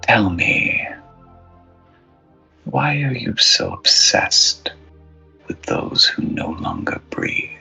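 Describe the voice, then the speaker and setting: A man's voice: on the low side, wildly swooping pitch, extremely slow, vocal fry, pauses often, bright, forceful tone, slightly rough, faint music behind, full character voice. A man voicing a mysterious old man in black robes with a whispery, eerie voice. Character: mysterious old robed man with white beard.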